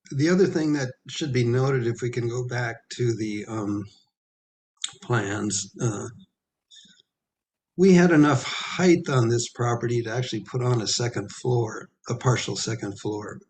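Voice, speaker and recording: A man presenting a design at a town planning meeting, halting with many ums and repeated throat clearing as he is losing his voice. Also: mid-range voice, a little mellow, a little hiss or hum. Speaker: architect presenting to a planning commission. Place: town hall meeting room.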